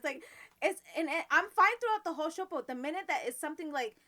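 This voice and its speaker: A woman with a high, bright voice co-hosts a casual podcast chat. She tells animated stories and breaks into laughter often. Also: quick pace. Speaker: podcast co-host.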